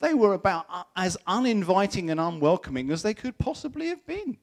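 A middle-aged man delivers a sermon built around a personal story. His voice sits a little high and rises and falls a great deal, and he acts out the voices of the people he quotes. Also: very animated, a little fast. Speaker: preacher.

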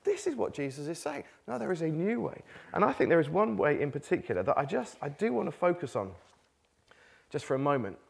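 A man delivering a conversational sermon to a live congregation, his pitch rising and falling in a very animated way. He keeps it informal with a self-mocking sense of humor and slips quick laughs in between his points. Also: gravelly, slightly rough. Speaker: preacher. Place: church meeting with a live congregation.

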